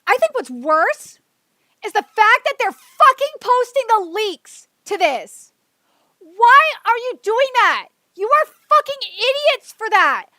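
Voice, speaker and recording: A woman's voice: extremely high pitch, big pitch swings, takes it slowly, pushed and bright, dry recording. A woman hosting a livestream, ranting heatedly and profanely, rambling with restarts and fillers. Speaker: livestream host. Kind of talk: livestream commentary rant.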